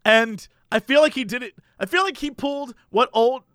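A man chatting casually laughs often while recounting something funny, animatedly imitating the people in the story. He speaks at normal speed in a very high-pitched voice, captured in clean studio sound with no room sound.

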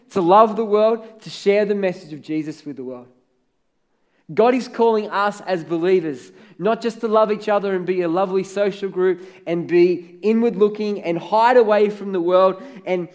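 A man's voice: high voice, a little mellow. A man preaching a sermon as pastor, conversational, telling stories and building to emphatic peaks.

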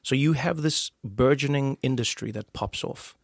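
A man with a South African accent, hosting a casual conversation and telling stories with lively acted-out quotes. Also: mid-range voice, moderate pace, vocal fry, no room sound, clean studio sound. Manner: animated storyteller, acts out quoted voices. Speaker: podcast host.

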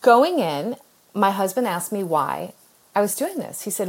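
This is an author guest, a middle-aged woman from the US, recounting something personal during an interview. She speaks at a moderate pace in a mid-range, slightly breathy voice, earnest and expressive, laughing often as she goes.

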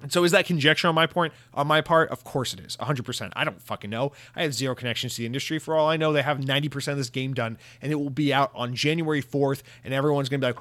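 Man, young adult, gaming commentator, sarcastic, profane, mid pitch, dry recording. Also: racing, few pauses, a bit bright, no room sound. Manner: sarcastic, profane, mocking impressions of companies. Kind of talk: ranting video commentary.

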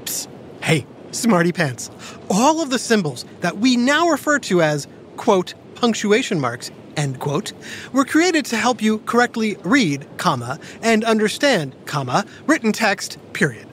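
A woman hosting a playful kids' educational podcast, talking like an animated storyteller. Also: medium pitch, unhurried, a little hiss or hum. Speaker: host.

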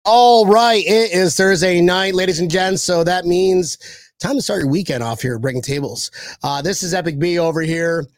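Man hosting podcast, higher voice, rambling and excitable, dry close sound. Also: moderate pace, no echo. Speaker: podcast host.

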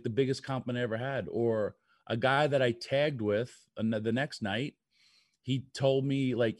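A man's voice: mid-range voice, no room sound, studio quality. Rambling older man on talk radio. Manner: rambling storyteller, lots of fillers. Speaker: wrestling radio co-host.

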